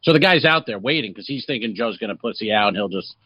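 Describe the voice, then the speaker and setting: A man's voice: on the low side, animated, fast talker, slightly rough, no echo. A man co-hosting a comedy podcast, telling a rambling story and acting out the people in it. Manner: rambling storyteller, acts out quotes. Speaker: podcast co-host. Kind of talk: casual comedy podcast chat. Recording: dull, dry lo-fi sound.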